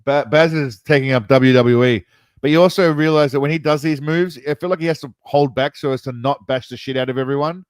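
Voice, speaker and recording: A man's voice: fairly high pitch, brisk, smooth, no echo. A man streaming live, reacting to a video with loose, joking commentary and casual swearing, greeting viewers as he goes.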